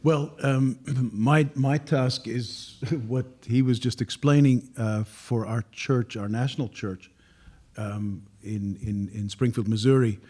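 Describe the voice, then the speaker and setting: A man talks as a panel guest in an easy conversational way. His voice is husky and dark, with a mellow, unhurried delivery. He pauses now and then to clear his throat. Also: medium pitch, steady tone. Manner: measured, clears throat often. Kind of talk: casual panel discussion.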